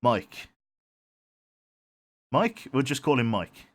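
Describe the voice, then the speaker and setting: Chatty male streamer with a lively voice. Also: mid-range voice, takes it slowly. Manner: rambling, hums while thinking, reads chat aloud. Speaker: game streamer. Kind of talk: live gameplay commentary.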